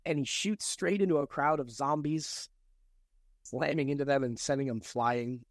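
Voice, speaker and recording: A man co-hosting a podcast, casually recapping a novel's plot and reading quoted lines aloud with lively emphasis. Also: medium pitch, normal speed, dry recording, studio quality. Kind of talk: casual book-recap chat.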